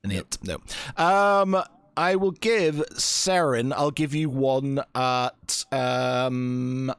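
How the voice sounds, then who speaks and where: A man's voice: medium pitch, extremely slow, vocal fry, fairly bright tone, clean tone, no room sound. A man narrating as game master of a tabletop game, hesitant and full of fillers.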